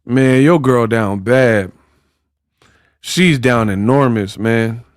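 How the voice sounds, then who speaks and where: A man's voice: mid-range voice, takes it slowly, no echo, studio quality. A man in casual commentary who talks in a mocking, slangy way and acts out quotes. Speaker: boxing commentator.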